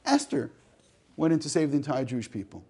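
A man's voice: on the high side, very animated, fairly quick, a little mellow, husky. A man teaching a class, reading a text aloud, translating it line by line and joking with the students. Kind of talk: classroom lecture.

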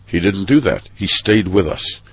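A man giving an earnest, measured sermon as a rabbi, lifting his voice when he quotes the people's complaints. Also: sits low, expressive, husky, dry recording, low-quality recording. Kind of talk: sermon on the weekly Torah portion.

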